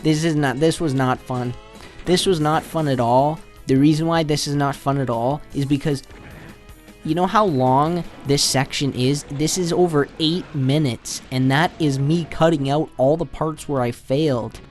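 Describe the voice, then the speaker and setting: A man's voice: a little high, moderate pace, darkish tone, soft background music. A man doing a casual, rambling voice-over commentary on his own gameplay, often retelling his reactions. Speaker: channel host.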